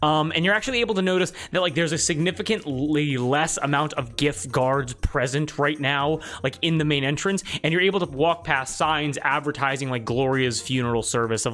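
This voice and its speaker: Rambling game master, higher voice. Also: male voice, fairly bright tone. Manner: rambling, filler-heavy with many "like"s. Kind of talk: narrating a tabletop game.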